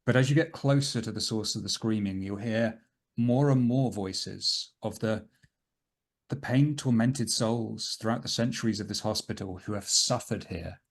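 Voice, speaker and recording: Man, game master, tabletop game, slow dramatic narration, lowish voice.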